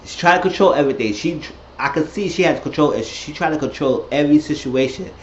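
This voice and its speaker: Man, mid-pitched, chatty and profane recap host; lively delivery with squealing quoted asides; roomy, dull lo-fi audio. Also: fast, a little hiss or hum. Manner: animated, profane, swings into shrieky quoted voices. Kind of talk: casual recap chat.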